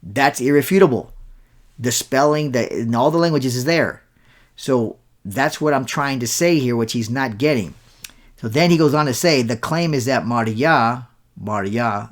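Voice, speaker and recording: A man hosting a show, delivering an argumentative rebuttal and hammering his points with repeated words. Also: mid-range voice. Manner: argumentative, insistent, repeats key words for emphasis. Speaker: show host and Bible scholar. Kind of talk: rebuttal commentary.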